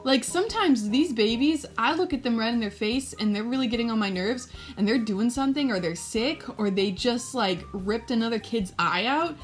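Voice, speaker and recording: A young woman ranting casually to camera in a rambling, chatty way, full of fillers, now and then jumping into high playful voices. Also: normal speed, hardly any pauses, soft background music. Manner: animated, jumps into high playful voices when quoting. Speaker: vlogger and daycare worker.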